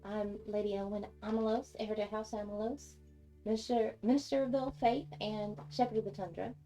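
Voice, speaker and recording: A woman's voice: mid-range voice, steady tone, brisk, mellow, soft background music, natural voice. A woman playing a gracious noblewoman minister in a tabletop game.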